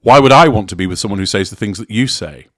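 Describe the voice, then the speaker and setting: A man's voice: on the low side, fast, fairly bright tone, no echo, clean studio sound. A man reading the lines of a tearful woman who pleads to be left alone, in a plaintive tone.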